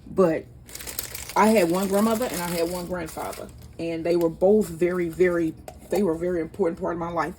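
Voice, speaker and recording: A woman's voice: fairly low pitch, fairly even intonation, fairly quick, a little mellow, a little hiss or hum. A woman, chatting casually and rambling as she hosts a home cooking vlog. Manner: chatty, rambling, laughs easily. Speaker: cooking channel host.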